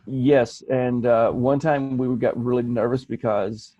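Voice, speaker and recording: A man's voice: mid-range voice, steady tone, a little slow, mellow, no room sound, muffled recording. A man co-hosting a podcast, telling rambling anecdotes in casual chat with frequent restarts. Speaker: podcast co-host.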